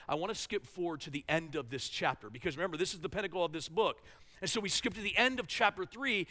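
A man preaching a sermon with passion, swinging between loud, urgent lines and quiet, hushed ones. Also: sits high. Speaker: pastor. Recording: long reverb of a church hall.

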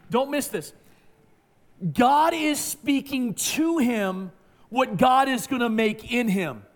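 A man preaching a sermon, emphatic, swinging from hushed lines to near-shouting. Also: extremely high pitch, animated, takes it slowly. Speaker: pastor.

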